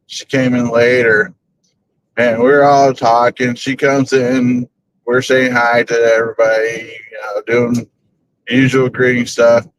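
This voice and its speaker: A man's voice: mid-range voice, noisy background. A man hosting a paranormal group's live stream, chatting casually from his car on the way to work, rambling and chuckling often. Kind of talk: casual live-stream chat while driving.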